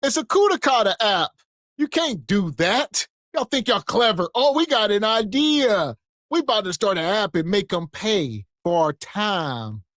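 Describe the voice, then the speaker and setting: A man's voice: sits high, sing-song, measured pace, fairly bright tone, dry recording, clean studio sound. A man hosting a podcast, casual commentary with sarcastic, slangy remarks. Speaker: podcast host.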